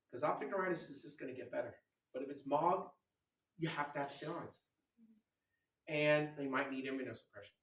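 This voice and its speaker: Energetic man lecturing in an echoey hall. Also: fairly high pitch, lo-fi sound. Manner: energetic, teasing, asks the audience questions. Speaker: lecturer at a medical workshop. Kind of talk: lively medical lecture. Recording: echoey hall recorded from a distance.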